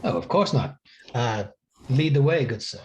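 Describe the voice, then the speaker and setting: A man playing a tabletop game, playful and quick to laugh as he speaks in and out of character. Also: mid-range voice, animated, a little mellow, muffled recording, slight background noise. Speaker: player. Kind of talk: tabletop role-play.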